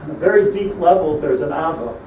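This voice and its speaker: A middle-aged rabbi with a fairly high voice preaches a storytelling sermon, dropping Hebrew terms into his English and building to emphatic peaks. He sounds set back from the mic in a roomy, echoing space, with a faint hum of ambience behind him. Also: expressive, a little fast, mellow, dull audio. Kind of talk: sermon on lamentations. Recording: echoey room, mic at a distance, faint ambience.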